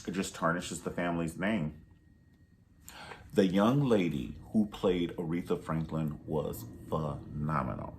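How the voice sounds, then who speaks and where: A man's voice: sits low, unhurried, slight background noise. A man giving a casual movie review monologue, sassy and emphatic, repeating himself for emphasis and dropping pet names.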